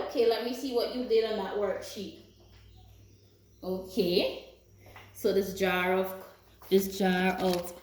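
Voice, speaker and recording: A woman teaching a lesson to young schoolchildren, speaking in a sing-song, encouraging way and often checking in with "right?". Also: medium pitch. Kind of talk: classroom teaching to young children. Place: classroom. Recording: very echoey room with faint noise.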